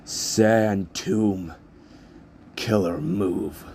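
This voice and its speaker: A man with a low voice putting on a calm, aloof teenage boy in a fan story, with cool, offhand replies. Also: normal speed, a little hiss or hum.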